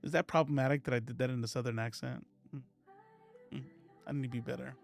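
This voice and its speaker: A man's voice: medium pitch, fairly even intonation, quick pace, creaky, soft background music. A man doing casual live-stream political commentary, sarcastic and rambling, reading viewers' comments aloud as he goes.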